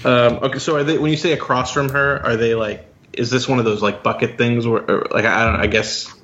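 A man's voice: medium pitch, steady tone, brisk, fairly bright tone. A man playing a tabletop game, talking in a hesitant, casual way. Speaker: player. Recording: dull lo-fi recording.

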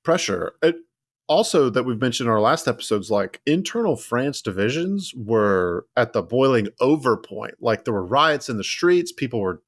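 A man's voice: medium pitch, very animated, normal speed, no room sound, clean studio sound. A man co-hosting a casual history podcast, rambling with many fillers and restarts. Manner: rambling, lots of "like" and restarts, laughs at ironies. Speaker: podcast co-host.

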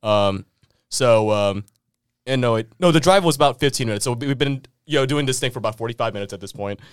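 Smooth-voiced young man telling a story. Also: mid-range voice, fast, no room sound, studio quality. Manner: rambling, many "um"s and restarts. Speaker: podcast co-host telling a story. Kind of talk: casual storytelling.

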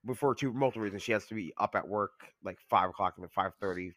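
A man's voice: on the low side, fast talker, fairly bright tone, dry recording, clean studio sound. A young man co-hosting a podcast, talking casually with lots of fillers, his voice still cracking as he gets over an illness. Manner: rambling, lots of "like" and restarts. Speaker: podcast co-host. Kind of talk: casual chat.

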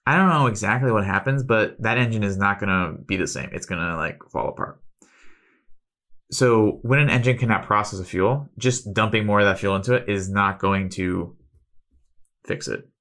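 A man's voice: fairly low pitch, normal speed, fairly bright tone. Chatty man explaining health questions. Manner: chatty, self-deprecating asides, loose analogies. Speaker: host.

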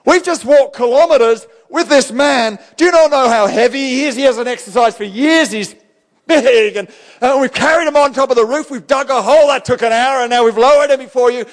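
A man voicing a group of exasperated men who carried a heavy friend for miles, shouting indignantly. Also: very high-pitched, brisk, long reverb tail, pitched above the performer's own voice.

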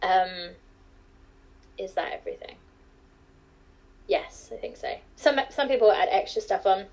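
A woman's voice: medium pitch, measured pace, darkish tone, poor audio. Chatty English woman. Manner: chatty, laughs often, trails off with fillers. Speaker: podcast guest. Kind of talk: casual chat.

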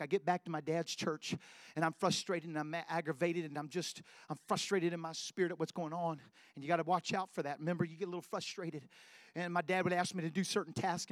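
A man preaching a personal testimony, telling his story and building to loud, emphatic preaching. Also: fairly high pitch, no room sound, clean studio sound. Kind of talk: sermon testimony.

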